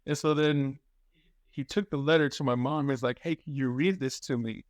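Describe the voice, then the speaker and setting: A man co-hosting a podcast, telling family stories in a lively way and acting out the voices of the people he quotes. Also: mid-range voice, normal speed, no room sound, studio quality. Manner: animated storyteller, acts out quotes. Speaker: podcast co-host. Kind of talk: casual chat.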